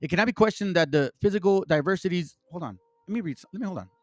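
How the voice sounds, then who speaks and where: Man, high and lively voice, dry close sound, heated profane commentary, reading aloud with restarts. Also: very fast, no echo. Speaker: channel host.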